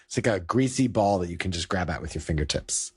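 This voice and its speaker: A man with a fairly low voice talks through yoga ideas in a loose, rambling way, circling back with "like" and restarting thoughts. The sound is dry and close, with no room around it. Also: animated, fast, breathy edge, no room sound. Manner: rambling, many "like" fillers and restarts. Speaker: yoga teacher and podcast co-host. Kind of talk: casual reflective chat.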